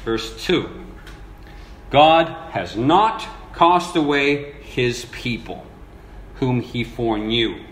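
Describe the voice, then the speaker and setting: A male preacher teaching from scripture, his pitch swinging lively as he tells the story and acts out the voices. The room is echoey, with a faint hum of ambience behind him. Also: slow pace. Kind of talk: sermon teaching.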